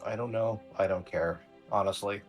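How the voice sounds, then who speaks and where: Rich: A man plays his character in a tabletop game, talking in a hesitant, halting way and often restarting what he says. His voice sits low for a man. Soft music plays faintly behind him. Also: steady tone. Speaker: player.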